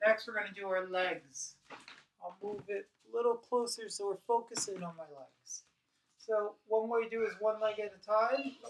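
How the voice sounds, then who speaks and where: A woman's voice: medium pitch, moderate pace, a little hiss or hum. A woman teacher guiding students through breathing and muscle exercises, counting aloud and encouraging them. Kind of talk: guided mindfulness exercise for students. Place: home room during school shutdown. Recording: echoey room, voice far from mic.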